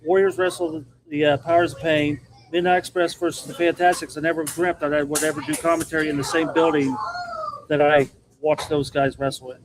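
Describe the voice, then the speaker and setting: A man's voice: fairly high pitch, level tone, brisk, noisy background. A man who does wrestling commentary, telling stories and reminiscing in casual chat. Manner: storytelling, reminiscing. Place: busy pizzeria. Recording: crowd chatter behind.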